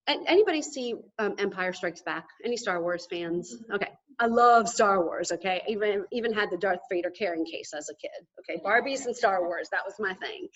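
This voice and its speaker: A woman giving an energetic motivational talk to a live audience, emphatic and often checking in with "okay?". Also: medium pitch, dull audio. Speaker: motivational speaker at a sales event.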